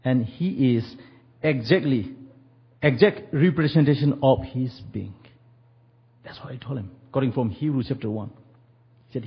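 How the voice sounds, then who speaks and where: A man's voice: medium pitch, expressive, moderate pace, creaky, pauses often, breathy edge, dull audio. A man preaching a sermon and telling a story, acting out the quoted voices with animation.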